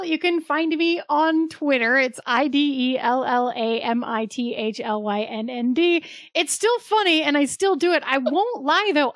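A woman's voice: high voice, no echo, clean studio sound. A woman co-hosting a gaming podcast, chatting casually and laughing often. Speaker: podcast co-host. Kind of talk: casual chat.

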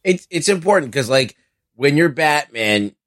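A man co-hosting a casual podcast chat, tossing in quick jokes. His pitch moves a lot and keeps his talk animated. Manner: joking, quick quips.

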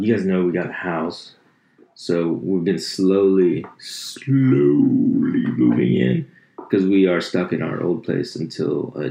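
A very deep, gravelly male voice rambles through casual, profane chat, poking fun at himself as he goes. He speaks into a desk mic in an echoey room. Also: warm tone. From United States. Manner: rambling, profane, self-mocking. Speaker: podcast host.

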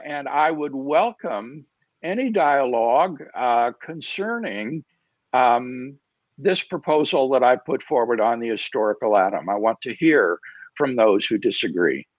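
A man being interviewed as a guest author over a video call, answering in a measured, deliberate way with frequent "uh" fillers. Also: mid-range voice, lively intonation, dry recording. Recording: dull, dry video-call audio.

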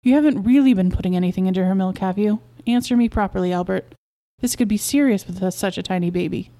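A woman reading as a sharp, scolding young mother. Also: mid-range voice, quick pace, lightly acted. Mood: suspicious. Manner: indignant, scolding. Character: sharp anxious young mother, protective wife.

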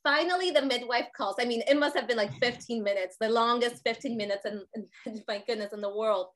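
High-voiced woman telling an animated story. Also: a little fast. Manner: expressive, tags sentences with "right?"; acts out quoted voices mid-story. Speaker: guest telling a personal story.

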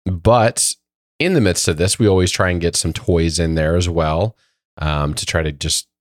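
A man with a very low voice chats casually on a podcast while getting over a cold. He rambles through stories, padding them with ums and uhs. The sound is close and dry. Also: normal speed, no echo. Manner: rambling storytelling with many fillers. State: voice lowered by a cold. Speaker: podcast co-host. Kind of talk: casual chat.

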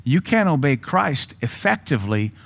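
A male pastor with a Southern American accent preaching a sermon, animated and conversational, with sudden loud commands and mock voices. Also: mid-range voice, moderate pace, vocal fry.

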